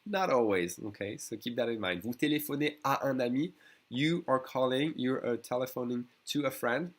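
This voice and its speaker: A man's voice: medium pitch, normal speed. A middle-aged man with a French accent, a native French speaker, teaching an online language lesson, modelling phrases and checking in with "d'accord?".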